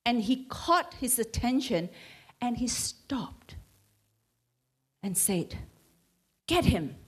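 A woman's voice: on the high side, animated, slow, husky. A woman preacher retelling a story in a sermon, dramatic and often repeating and stammering over words.

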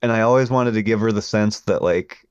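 A man co-hosting a podcast, talking in a relaxed, rambling way about what he wants in a dog. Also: fairly low pitch, fairly quick, smooth, dry recording, muffled recording. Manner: relaxed, rambling, self-correcting. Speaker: podcast co-host. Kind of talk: casual chat.

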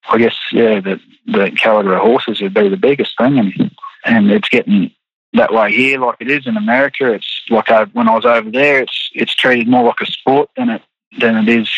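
A man's voice: mid-range voice, creaky, husky, dry recording, highs cut off. An Australian man, a rodeo rider, chatting in an interview in a laid-back, rambling way full of restarts. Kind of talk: casual interview chat.

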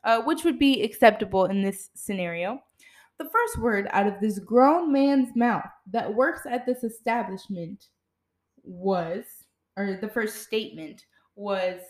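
A woman's voice: on the high side, expressive, slow pace. A young woman telling a story in a blunt, sassy and exasperated way, laughing between lines. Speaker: vlogger. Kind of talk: casual storytelling rant.

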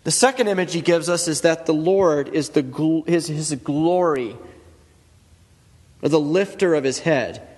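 A man in his thirties preaches a sermon in an earnest, conversational manner, building his points through repetition. His voice sits a little high for a man. A long reverb from the church hall trails behind every phrase. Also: measured pace, darkish tone. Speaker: pastor.

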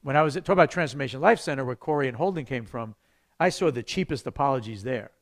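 A man, a pastor, teaching a church evangelism class in a conversational, animated way, acting out the voices he quotes. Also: mid-range voice, fast talker.

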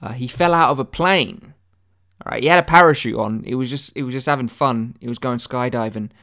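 A man delivering a deadpan satirical conspiracy monologue, mock-earnest and rambling, with stammered restarts and swearing. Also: mid-range voice, a little fast, background noise.

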